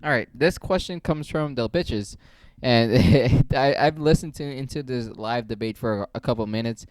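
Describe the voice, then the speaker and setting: Young guy going off in a rant, mid pitch, lotta rhetorical questions, dry sound. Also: a little mellow, dry recording. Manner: profane, heated, rapid-fire rhetorical questions. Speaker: online commentator. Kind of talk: ranting commentary.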